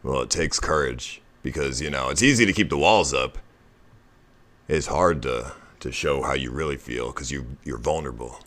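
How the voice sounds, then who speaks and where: Very deep-voiced man coaxing. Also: normal speed, a bit bright. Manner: coaxing, persuasive. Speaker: streamer. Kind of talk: casual stream talk.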